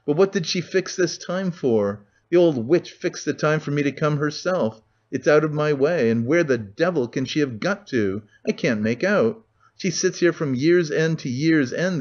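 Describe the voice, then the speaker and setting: A man voicing a cheerful young man with a ringing voice, on a dull lo-fi recording. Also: a little high.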